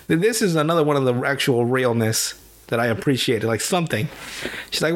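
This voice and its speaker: Co-hosting a podcast, a man casually recaps a show, rambling, swearing and acting out characters' lines in mock voices. He talks briskly in a mid-range voice.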